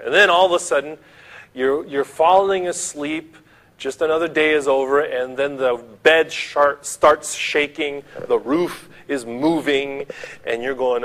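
Slow-talking male preacher, storytelling. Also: fairly high pitch, steady tone, fairly bright tone. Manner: vivid storytelling, speaks straight to the listeners. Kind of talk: sermon.

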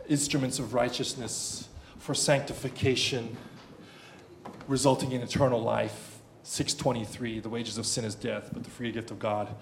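A middle-aged man preaching a sermon, swinging from hushed tones to loud bursts. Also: mid-range voice, a little hiss or hum. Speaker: pastor.

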